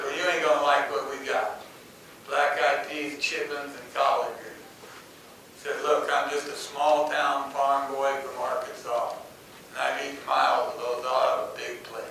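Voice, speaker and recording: A man tells a folksy motivational story, slipping into the voices of its characters. His tone is bright and forceful. He sounds far from the mic in a very echoey hall. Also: mid-range voice, gravelly, slight background noise. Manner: folksy, anecdotal, acts out quoted voices. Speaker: speaker.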